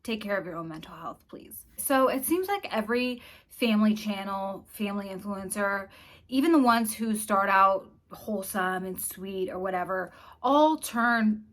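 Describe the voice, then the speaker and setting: A woman's voice: medium pitch, expressive, normal speed, fairly bright tone. A woman hosting her own channel, talking casually and bluntly to camera with open disgust. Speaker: commentary vlogger host.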